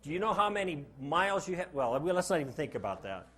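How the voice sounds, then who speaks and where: A male lecturer speaking to a classroom, with a fairly high voice that swoops up and down as he jokes. He keeps the room involved by asking the class rhetorical questions. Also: quick pace. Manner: animated, joking, asks the class rhetorical questions. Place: classroom with a live audience.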